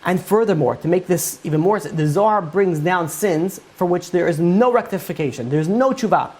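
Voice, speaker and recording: A woman teaching a Torah lecture, telling stories in a lively way with many fillers and restarts. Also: on the low side, normal speed.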